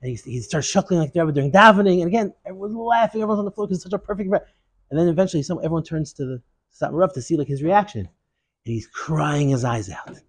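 A man giving a Torah lesson, a digressive and animated storyteller. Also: high-pitched, very fast, slightly rough, dry recording. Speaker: Torah teacher.

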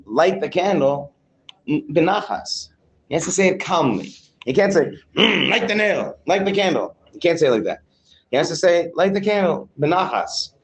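A man with a voice of middle pitch teaches a Torah class. He reads Hebrew phrases and translates them into easygoing English, with some slang along the way. His tone stays loose and conversational, and he banters with his students between points. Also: low-quality recording. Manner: casual, with slang.

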